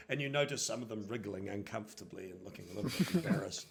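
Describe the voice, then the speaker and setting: A man's voice: lowish voice, steady tone, quick pace, creaky, few pauses. A man narrating a tabletop role-playing game as game master, hesitant and full of ums.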